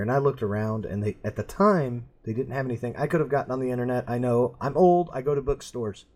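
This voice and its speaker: A man's voice: mid-range voice, quick pace, few pauses, a little mellow. Rambling middle-aged man, casual chat. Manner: rambling, self-mocking, laughs at his own jokes. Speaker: podcast co-host.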